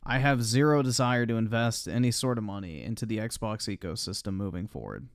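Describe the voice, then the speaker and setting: A man's voice: fairly low pitch, brisk, no echo, clean studio sound. A man streaming and reacting to videos in casual chat, blunt and profane, full of slang.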